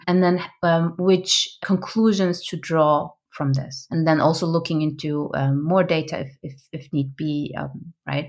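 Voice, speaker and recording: A woman's voice: fairly low pitch, gravelly. A woman guest in an interview explaining her field, often tagging her points with "right?" and correcting herself as she goes. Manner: laughs easily. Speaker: podcast guest, product expert.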